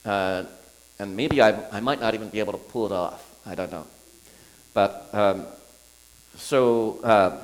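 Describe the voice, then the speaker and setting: A man preaching to a congregation, talking in a halting way with many restarts and frequent chuckles. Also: lowish voice, poor audio. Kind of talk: sermon teaching. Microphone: recorded for viewers at home.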